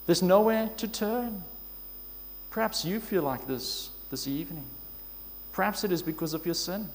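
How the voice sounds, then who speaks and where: A man preaching a sermon in an earnest, measured way, asking his listeners questions. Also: high voice. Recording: long hall reverb.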